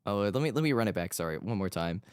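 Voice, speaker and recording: A man's voice: lowish voice, animated, fast talker, darkish tone, clean tone, no room sound, studio quality. A man streaming casually, rambling and joking about himself with lots of restarts. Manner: rambling, self-deprecating, many restarts. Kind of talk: casual livestream chat. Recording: background music under voice.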